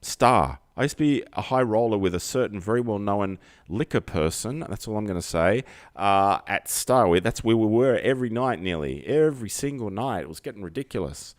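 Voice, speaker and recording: Deep-voiced comedy host. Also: male voice, lively intonation, normal speed, no room sound, studio quality. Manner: rambling, self-mocking, jokey asides. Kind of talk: rambling comic monologue.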